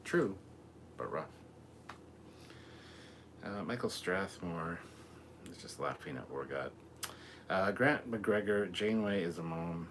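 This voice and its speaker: A man's voice: low-pitched, takes it slowly, long pauses, fairly bright tone, a little hiss or hum. A man hosting a casual live stream from home, reading chat comments aloud in a rambling, easygoing way with lots of fillers. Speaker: livestream host reading chat. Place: home room with TV. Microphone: camera mic at a distance.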